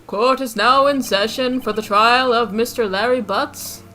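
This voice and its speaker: A woman's voice: on the high side, measured pace, sharp tone, a little hiss or hum, rough recording. A woman voicing an older male judge who speaks in a formal, pronounced way.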